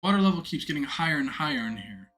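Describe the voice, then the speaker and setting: A man voicing a calm, practical young woman detective from a video game. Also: a little high, fast talker. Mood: steady. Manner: calm, explanatory.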